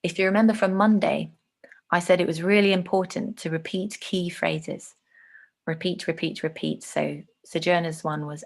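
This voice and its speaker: A woman teaching an online lesson, explaining clearly and showing examples with her own voice. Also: fairly low pitch, steady tone, normal speed.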